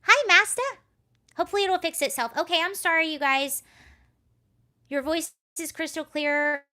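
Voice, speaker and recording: A woman with a high voice talks casually on her live stream. She rambles through a story, breaks off to answer comments, and speaks into a computer mic at home. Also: moderate pace, sharp tone. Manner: chatty, rambling, reads chat aloud. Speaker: livestream host.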